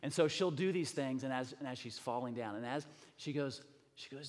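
Animated male pastor in a reverberant hall. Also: mid-range voice, brisk. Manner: animated, emphatic, repeats words when excited. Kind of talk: sermon with personal storytelling. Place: church sanctuary.

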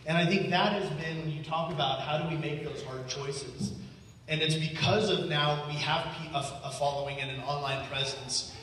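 Thanking a church as a guest speaker, a man gives an earnest, grateful testimony to the congregation, chuckling now and then. His voice is on the high side and a bit bright, with fairly even intonation and a moderate pace. The recording, made from a distance in a large echoey church hall, carries a little hiss or hum.

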